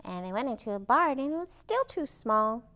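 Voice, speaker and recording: A woman librarian reading a storybook aloud to toddlers, animated and expressive with chatty asides. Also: fairly high pitch, normal speed. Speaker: children's librarian.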